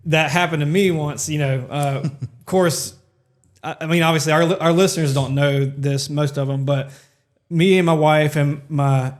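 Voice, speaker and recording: A man co-hosting a casual podcast, telling a self-deprecating story with lots of fillers. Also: on the high side. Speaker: podcast co-host, worship ministry member.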